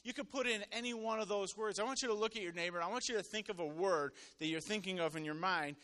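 A man with a high, bright voice delivers a sermon in a relaxed, chatty way. He tells stories from daily life and keeps calling on the congregation to answer back. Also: fast talker. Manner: conversational, storytelling, calls on congregation. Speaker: preacher. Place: church hall with congregation.

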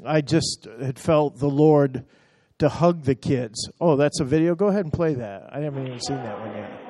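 A man's voice: mid-range voice, normal speed, warm tone. A man talking a church through slides from a mission trip, chatty and emotional, telling the operator to move on.

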